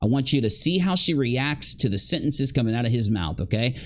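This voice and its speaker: A man's voice: mid-range voice, sing-song, fairly quick, hardly any pauses. A man giving casual livestream commentary, chatting straight to his viewers and acting out the reactions of the people in the clips.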